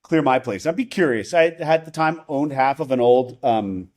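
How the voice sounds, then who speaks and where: A man's voice: medium pitch, expressive, moderate pace, darkish tone. A man who is a podcast guest telling a personal story in casual conversation, rambling, restarting his sentences and often asking "right?".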